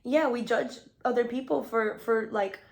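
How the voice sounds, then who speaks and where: A woman's voice: on the high side, moderate pace, creaky. A woman vlogger chatting casually while getting ready, slangy and profane, laughing often. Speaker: beauty vlogger. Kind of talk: casual get-ready-with-me chat.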